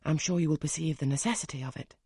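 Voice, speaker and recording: Audiobook voice: a man reading a quietly firm young governess with a soft, measured manner. The tone is husky and sits in the middle range. The recording is dry and close. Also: a little high, no echo. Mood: polite. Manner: polite, measured, soft-spoken.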